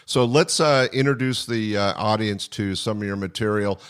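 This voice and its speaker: A middle-aged male podcast host chatting in a friendly, halting way, full of fillers. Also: on the low side, clear, resonant tone. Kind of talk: casual interview chat.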